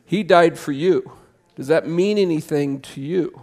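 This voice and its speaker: A pastor preaching a sermon in a church, conversational and impassioned, jumping to loud emphasis. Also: male voice, on the high side, unhurried. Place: church sanctuary.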